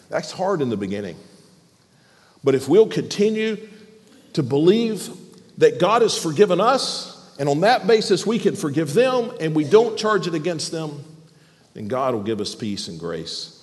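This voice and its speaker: A man, a pastor, preaching a sermon with emphasis, often repeating words as he presses a point. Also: high voice. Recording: long hall reverb.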